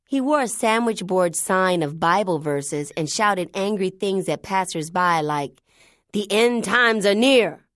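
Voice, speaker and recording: A woman's voice: mid-range voice, no room sound. A woman narrating a first-person storybook in a chatty, wry, conversational way on a close studio mic. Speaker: audiobook narrator.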